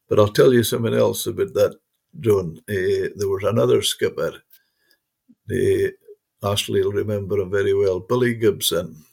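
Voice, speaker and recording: A man with a low, gravelly voice who talks at an unhurried pace. He is interviewing a guest and wanders into long anecdotes, stopping and restarting his sentences as he goes. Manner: anecdotal, rambling storyteller with many restarts. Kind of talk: casual reminiscing conversation.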